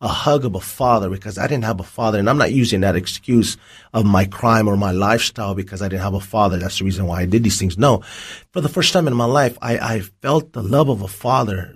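Speaking in a lowish, husky voice, a man appears as an interview guest to share a personal testimony. He tells his story vividly and acts out the dialogue.

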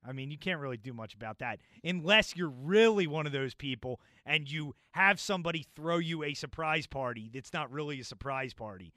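Animated, bright-voiced male radio host. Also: a little high, brisk, hardly any pauses, dry recording, studio quality. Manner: casual, chatty, stumbles and repeats words. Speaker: radio talk show host. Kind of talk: call-in sports talk radio. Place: radio studio. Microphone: studio microphone.

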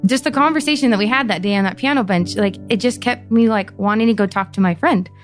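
A young woman telling a story in an interview, lively and animated, acting out the voices of the people she quotes. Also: mid-range voice, fast, soft background music. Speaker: pianist and volunteer.

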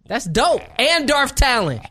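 A man co-hosting a podcast in casual chat, excitable, laughing often and swearing casually. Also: extremely high pitch, unhurried. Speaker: podcast co-host.

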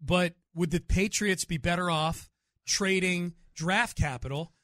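A male sports radio host with a high-pitched voice and a dry, close sound. He talks casually and keeps steering the chat with questions. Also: measured pace, fairly bright tone, no echo. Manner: conversational, leads with questions, steers the topic.

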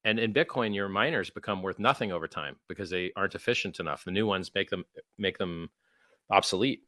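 A man's voice: low voice, fairly quick, pushed and bright, no room sound, studio quality. A man being interviewed, talking emphatically and acting out quoted exchanges in mocking voices. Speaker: guest, crypto founder. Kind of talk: animated interview talk.

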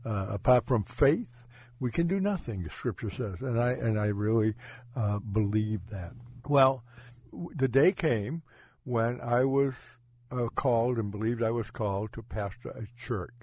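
A man who is a pastor, telling his faith story in an earnest, halting way with frequent restarts. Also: mid-range voice, expressive, darkish tone, dry recording. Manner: halting, self-correcting, earnest. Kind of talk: personal testimony in conversation.

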